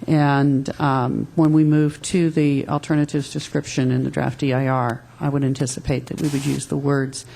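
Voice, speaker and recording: A woman on agency staff briefing a council at a public meeting, halting and often correcting herself as she explains the material. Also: extremely low pitch, flat delivery, creaky, dark tone. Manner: halting, frequent restarts and self-corrections.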